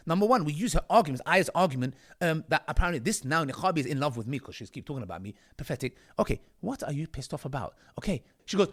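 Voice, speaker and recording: A man's voice: on the high side, slightly rough. A man from the UK with a combative, mocking manner, commenting on video clips of his critics. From United Kingdom. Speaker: online commentator.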